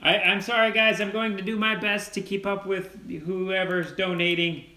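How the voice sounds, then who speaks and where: Upbeat young man, bright voice, roomy echo. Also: sits high, level tone. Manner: upbeat, quick, thanks donors by name. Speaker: channel host reading donations. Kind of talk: casual livestream chat.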